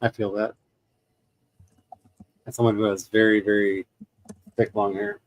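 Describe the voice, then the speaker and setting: A man's voice: lowish voice, level tone, measured pace, slight background noise. A man hosting a live gaming stream, chatting casually and upbeat, laughing easily. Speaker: stream host. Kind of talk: casual chat. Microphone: streaming mic.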